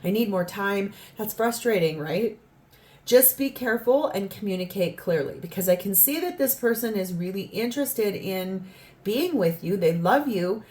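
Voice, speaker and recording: This tarot reader has a medium-pitched, slightly mellow voice, and she talks at a moderate, animated pace. Her reading is sincere and wandering, and she sometimes performs the quoted words of others.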